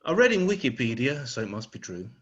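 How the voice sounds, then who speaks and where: Brief: Scottish male stand-up, crude deadpan one-liners, dull lo-fi video call sound. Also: medium pitch, quick pace. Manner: crude, swearing punchlines. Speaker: stand-up comedian.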